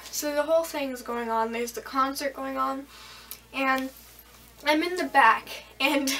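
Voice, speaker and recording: A woman's voice: high-pitched, fairly bright tone, distant mic, rough recording. A teenage girl vlogging a casual storytime, rambling and giggly with lots of fillers.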